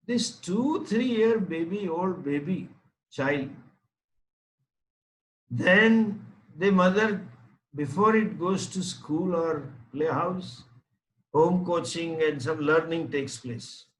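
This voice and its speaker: A man's voice: on the high side, slow pace, pauses often, rough recording. A man giving a spiritual teacher's scripture class, patiently explaining with homely examples in short, repeated phrases.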